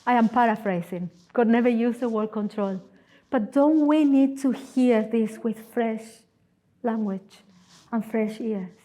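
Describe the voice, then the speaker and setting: Preaching a sermon as a church's guest speaker, this non-native English speaker uses a fairly high, warm voice. She tells her story earnestly and emphatically, pausing for dramatic effect.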